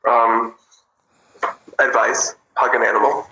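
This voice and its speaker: A man chatting casually with viewers on a livestream, bubbly and giggly, in an animated way. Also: medium pitch, slow pace, echoey room, highs cut off, a little hiss or hum. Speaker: livestream host.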